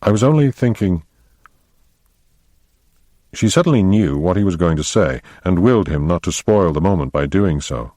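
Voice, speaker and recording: A man narrating an audiobook in a measured storytelling manner. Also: deep voice, lively intonation, darkish tone, dry recording, studio quality.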